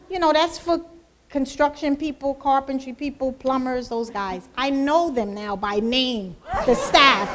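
Woman, church testimony speaker; high voice, lively storyteller who plays out the dialogue. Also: takes it slowly. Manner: lively, acts out quoted dialogue.

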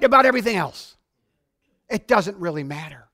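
Male preacher, high voice, excitable, loud-to-soft sermon delivery. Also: moderate pace, pauses often. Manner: excitable, shouts then drops to quiet. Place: church sanctuary.

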